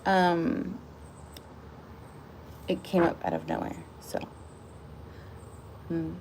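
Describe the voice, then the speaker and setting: A woman's voice: on the low side, big pitch swings, drawn-out words, a little hiss or hum, low-quality recording. A woman musing casually about her views, then reading a short devotional aloud, wandering and restarting as she goes. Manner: musing, meandering, with soft laughs and restarts. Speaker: vlogger sharing a devotional.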